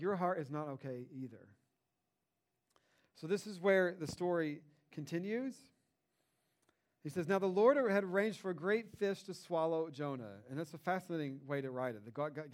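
Animated, conversational male preacher. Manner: conversational and animated, rises in pitch and volume for emphasis. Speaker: pastor. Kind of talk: casual sermon, retelling a Bible story.

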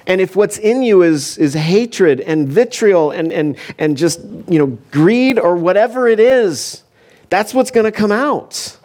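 Slightly high-voiced male pastor preaching. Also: lively intonation, a little slow, a little mellow. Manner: casual storytelling with frequent asides and fillers. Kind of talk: conversational sermon. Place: church.

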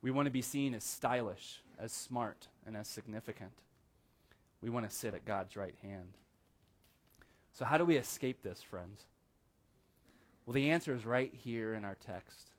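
Earnest man preaching a sermon. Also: mid-range voice. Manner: earnest, slows down to stress key phrases, addresses listeners as friends. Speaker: pastor.

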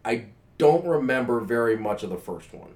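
A man chats casually about sports on a podcast. His voice sits in an ordinary middle pitch, and his talk rambles with fillers and restarts. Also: animated, moderate pace, a little mellow. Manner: rambling, filler-heavy, enthusiastic fan. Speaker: podcast co-host.

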